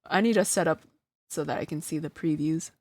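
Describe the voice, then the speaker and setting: A woman's voice: low-pitched, brisk, a little mellow, no echo. A woman streamer chatting casually to her live chat, flustered and self-deprecating, often breaking into laughter. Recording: dry close sound.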